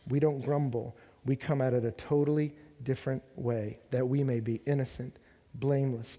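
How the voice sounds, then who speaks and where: A man's voice: mid-range voice, mellow. A man preaching a sermon at a college ministry gathering, telling stories and asking rhetorical questions in a conversational way. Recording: long reverb of a large hall.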